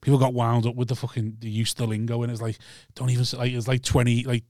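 A man's voice: medium pitch, little pitch movement, quick pace, hardly any pauses, a little mellow, no echo, studio quality. A man with a Scouse accent from Liverpool, hosting a podcast in casual banter and swearing casually. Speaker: podcast host.

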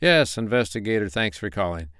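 Give me a man playing a crooked city detective, guarded and curt, with a crisp, dry storybook sound. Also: lowish voice, lively intonation, fairly quick, a bit bright, dry recording. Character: corrupt scheming male big-city detective.

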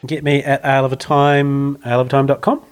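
Jokey podcast co-host. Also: male voice, mid-range voice, level tone, fast, clear, resonant tone. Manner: chatty, jokey, laughs often. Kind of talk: casual podcast chat.

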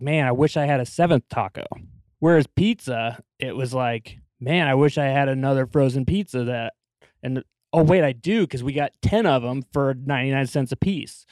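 A man's voice: medium pitch, darkish tone, no room sound. A man chatting easily as a guest on a casual podcast. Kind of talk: casual chat.

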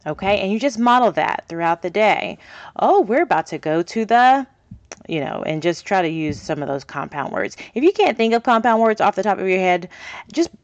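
A woman's voice: mid-range voice, animated, a little fast, no echo, dull audio. A woman hosting a podcast, explaining reading skills to parents in a chatty, upbeat way and often checking in with "okay?". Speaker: podcast host teaching parents early reading. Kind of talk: casual teaching talk to parents. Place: small home studio in a closet.

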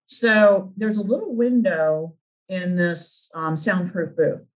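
Lively woman guest telling her story. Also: fairly low pitch, takes it slowly, low-quality recording. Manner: animated storyteller who acts out remembered dialogue, laughs often. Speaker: interview guest. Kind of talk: storytelling in a conversational interview.

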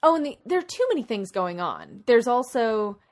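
A woman's voice: on the high side, normal speed. Woman rambling through a movie plot. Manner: rambling, animated plot retelling with many asides. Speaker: podcast co-host. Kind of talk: casual chat.

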